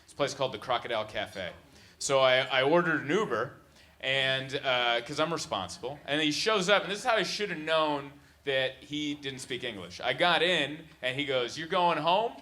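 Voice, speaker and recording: A man in his thirties doing stand-up in a club, telling stories in an animated, exasperated way on a handheld mic. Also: mid-range voice, normal speed. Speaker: stand-up comedian. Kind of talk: stand-up comedy storytelling. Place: comedy club stage. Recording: live club recording with background noise.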